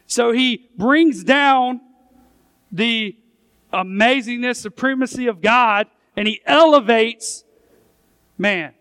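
A man's voice: very high-pitched, takes it slowly, pauses often, fairly bright tone, clean tone, dry recording. A man preaching a sermon as pastor, reading scripture aloud and making his points with emphasis. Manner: emphatic preaching, reads scripture aloud, voices the questioning crowd.

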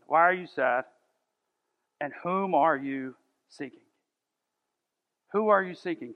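In a church sanctuary, a pastor in his thirties preaches a conversational sermon, tossing rhetorical questions at the congregation. His voice is high and sharp-toned. The sound is dull, with long hall reverb.

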